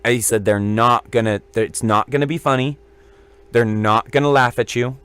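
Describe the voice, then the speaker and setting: A man's voice: medium pitch, fairly even intonation, moderate pace, fairly bright tone, smooth. A man co-hosting a casual podcast, telling a long joking anecdote in a rambling way. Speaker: podcast co-host. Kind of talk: casual storytelling.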